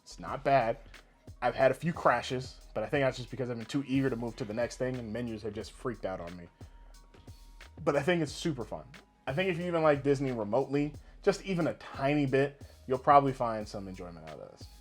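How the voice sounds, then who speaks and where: A man's voice: medium pitch, fairly quick, soft background music. A young man co-hosting a casual gaming podcast, telling stories with lots of swearing and big laughs. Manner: animated, swearing, laughing storyteller. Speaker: podcast co-host.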